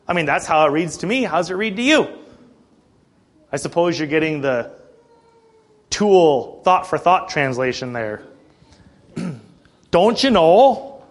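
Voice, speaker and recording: A man preaching a sermon in a conversational, animated way, with frequent asides to the congregation. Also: a little high, normal speed, pauses often. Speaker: pastor.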